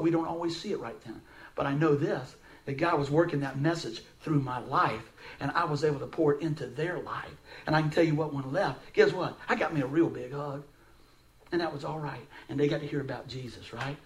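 A man preaching a sermon, telling a story in a folksy, animated way with frequent asides to his listeners. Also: fairly high pitch.

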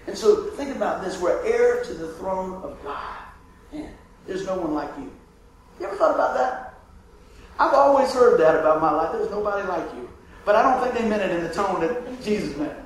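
A man preaching a sermon with call-and-response, asking for amens and swinging from hushed, drawn-out lines to loud ones. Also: high-pitched, animated, slight background noise. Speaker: pastor. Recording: echoey room picked up from far off.

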